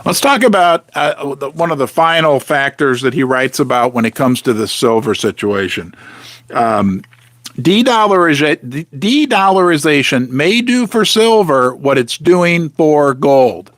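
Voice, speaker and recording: A man hosting a casual live stream, talking with many restarts and rhetorical questions, clearing his throat as he is losing his voice. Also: fairly high pitch, animated, measured pace, a bit bright, no echo. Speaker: host of a live precious-metals stream.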